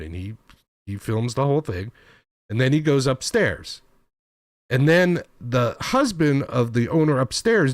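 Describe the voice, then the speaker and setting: An animated man telling a story, his pitch swinging high and low as he rants. He swears freely, sounds wronged, and slips into other people's voices. The sound is dry and close. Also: no echo. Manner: swears often and sounds aggrieved. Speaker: host. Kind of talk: storytelling rant.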